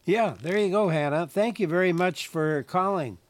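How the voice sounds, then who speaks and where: A man's voice: sits high, moderate pace, no room sound. Radio host man taking calls. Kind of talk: call-in radio hosting.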